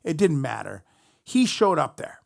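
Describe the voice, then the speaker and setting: A middle-aged man, a musician, casually telling a long profane story to his stream chat, animated and rambling. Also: on the high side, measured pace, gravelly.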